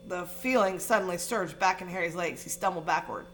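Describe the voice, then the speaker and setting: A woman narrating a fantasy novel aloud in an expressive, dramatic reading style. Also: fairly low pitch, a little fast, hardly any pauses, slight background noise. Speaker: audiobook reader. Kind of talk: storybook reading.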